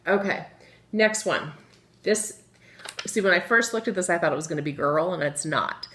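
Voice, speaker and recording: Woman teaching phonics in an echoey room. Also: on the low side. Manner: slow, drawn-out sounding of words; lively, encouraging, asks the children questions. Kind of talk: phonics lesson for young children. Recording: echoey room with faint noise.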